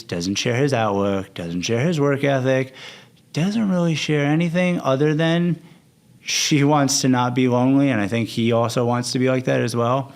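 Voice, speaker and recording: A young man, a coach and podcast guest, talking candidly and acting out quoted conversations. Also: medium pitch. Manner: candid, storytelling, acts out quotes. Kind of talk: casual interview talk.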